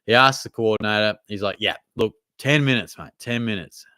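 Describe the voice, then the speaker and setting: A man's voice: on the low side, a little fast, sharp tone, no room sound, clean studio sound. An Australian man hosting a live question-and-answer stream, talking in a laid-back, chatty way with plenty of slang. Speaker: host. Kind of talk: casual live Q&A chat.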